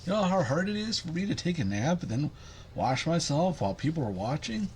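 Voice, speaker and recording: A man voicing his pampered female house cat, who whines slowly and sassily that she has earned her treats. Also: a little high, sing-song, a little mellow, a little hiss or hum, voice pushed up. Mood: whiny. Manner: whiny, sassy and slow.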